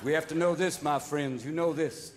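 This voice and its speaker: A man doing stand-up comedy on a theater stage, talking rapid-fire and breaking into voices and shouted bursts. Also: on the high side, fairly even intonation. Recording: live theater recording with audience noise. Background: audience laughter and applause.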